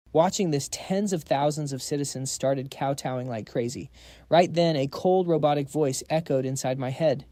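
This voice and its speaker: A man's voice: on the high side, moderate pace, mellow, no echo. A man narrating a story recap in a dramatic, breathless storytelling manner.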